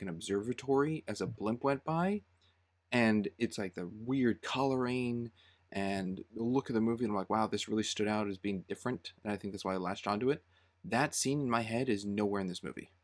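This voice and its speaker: A man's voice: on the low side, no room sound. A man co-hosting a casual movie podcast, making dry, wry remarks. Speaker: podcast co-host.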